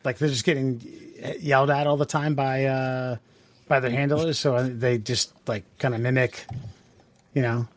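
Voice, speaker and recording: A man's voice: mid-range voice, steady tone, normal speed. A man co-hosting a podcast, musing in a laid-back, profane way. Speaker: podcast co-host. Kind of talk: casual podcast banter.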